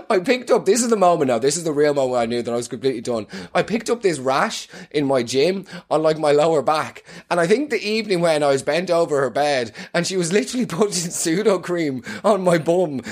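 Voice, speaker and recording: A young man hosting a podcast, telling comic stories in a rambling, self-mocking way and laughing through them. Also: fairly high pitch. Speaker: podcast host. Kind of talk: comedic storytelling.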